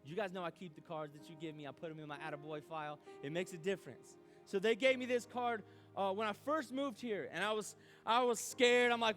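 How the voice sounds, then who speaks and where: A man preaching a youth sermon as youth pastor, animated, acting out his own doubts aloud. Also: sits high, a little fast, soft background music.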